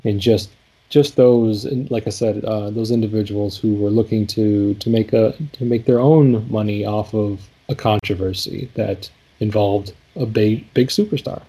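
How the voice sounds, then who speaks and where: A man's voice: on the low side, steady tone, normal speed, warm tone, husky. A man co-hosting a casual chat, thoughtfully walking through song lyrics with many fillers and restarts. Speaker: podcast co-host discussing song lyrics.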